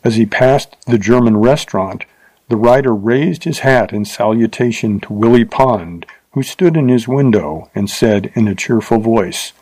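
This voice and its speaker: Male audiobook narrator, steady, middle pitch, dry. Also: unhurried, no room sound, poor audio. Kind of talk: storybook narration.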